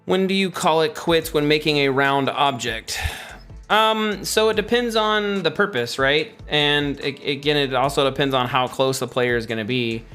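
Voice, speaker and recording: A man's voice: on the high side, normal speed, bright, forceful tone, clean tone, faint music behind. A man casually chatting on a livestream while building a game, rambling and answering viewer questions. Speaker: game developer streaming live.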